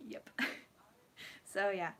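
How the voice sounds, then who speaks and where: A woman's voice: very slow, slight background noise. A woman on a casual livestream, reading out viewer comments and answering them in a giggly, rambling, playfully dramatic way. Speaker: cosplayer streamer.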